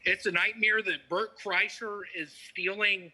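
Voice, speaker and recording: A man doing a stand-up set, delivering deadpan one-liners with hesitant fillers between jokes. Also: sits high, a little slow, slightly rough, dry recording, poor audio. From Memphis, Tennessee. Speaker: stand-up comedian.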